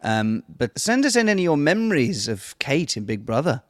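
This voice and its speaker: A man's voice: a little high, big pitch swings, a little fast, dry recording, studio quality. Playful chatty man podcast host. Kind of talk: casual chat.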